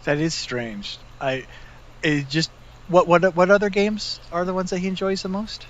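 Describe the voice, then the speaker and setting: Fairly high-voiced easygoing man. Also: steady tone, normal speed, muffled recording. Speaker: podcast co-host. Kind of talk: casual chat while gaming.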